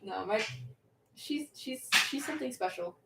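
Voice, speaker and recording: A woman's voice: fairly high pitch, animated, unhurried, vocal fry, far from the mic, heavy background noise. A young woman hosting a livestream, chatting casually and answering viewer questions, rambling and restarting her sentences with little laughs. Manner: rambling, self-interrupting, giggly. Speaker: livestream host.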